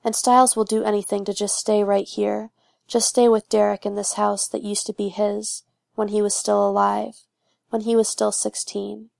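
Gravelly woman reading a fan audiobook. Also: medium pitch, level tone, normal speed, darkish tone, dry recording, clean studio sound. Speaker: audiobook narrator.

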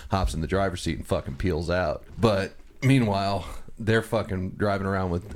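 A man's voice: low voice, fairly even intonation, normal speed. A man co-hosting a comedy podcast, telling a blunt and profane story in casual chat. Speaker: podcast co-host.

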